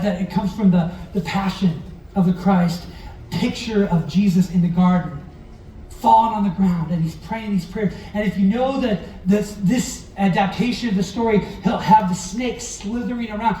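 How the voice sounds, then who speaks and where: A man's voice: sits high, a little mellow, a little hiss or hum. A man preaching a sermon as pastor, talking in a conversational way and acting out quotes now and then. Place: church hall. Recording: roomy echo, heard from a distance.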